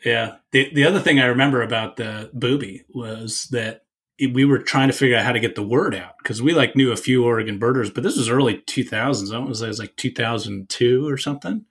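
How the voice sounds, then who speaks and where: A man, a birding tour leader, telling an old story in casual chat, animated and repeating himself with lots of filler phrases. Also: medium pitch, fast talker, breathy edge.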